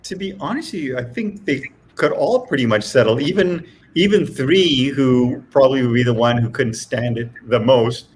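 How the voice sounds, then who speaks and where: A man who is a guest producer, answering questions in a measured, thoughtful way on a video call. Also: medium pitch, a little hiss or hum, low-quality recording. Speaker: guest showrunner. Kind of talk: casual chat.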